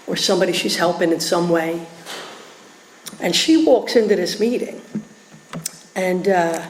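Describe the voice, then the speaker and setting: A woman giving a lively personal testimony at a recovery meeting, acting out the voices of people in her story. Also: fairly low pitch, vocal fry, a little hiss or hum. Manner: animated storytelling, acts out voices. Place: meeting hall. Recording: echoey hall recording.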